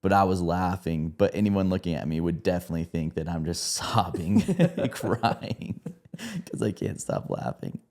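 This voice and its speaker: A man's voice: sits low, expressive, moderate pace, a little mellow. A man co-hosting a movie review podcast, chatting casually, rambling with plenty of fillers and laughing often.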